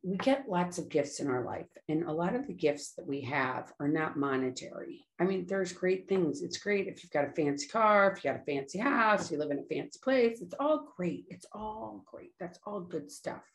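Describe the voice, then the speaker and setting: A woman's voice: lowish voice, animated, moderate pace, hardly any pauses. Earnest, rambling woman talking about sobriety. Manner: earnest, rambling, self-correcting. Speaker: recovery speaker. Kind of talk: casual spoken talk on sobriety.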